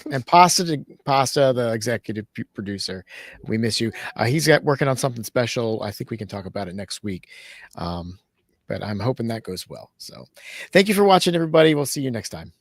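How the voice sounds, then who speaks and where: A man hosting a talk show, signing off in a relaxed, halting way. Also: mid-range voice, dry recording, clean studio sound. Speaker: host.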